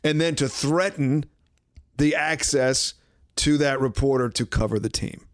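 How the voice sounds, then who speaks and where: A man hosting a sports podcast, talking casually and sarcastically, giving betting picks and mimicking others in quick asides. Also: mid-range voice, dry recording, clean studio sound. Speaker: podcast host.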